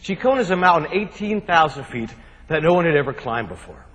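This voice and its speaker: A man from New Jersey giving a humorous keynote speech, telling adventure stories in an animated, joking way. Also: a little high, fairly quick. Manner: animated, jokey, acts out shouts and quotes. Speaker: keynote speaker. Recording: long hall reverb.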